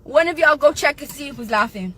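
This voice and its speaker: A woman outdoors in front of her house, ranting on a livestream at a neighbor, swearing and often shouting. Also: high-pitched, lively intonation, fairly quick, slight background noise. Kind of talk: angry livestream rant.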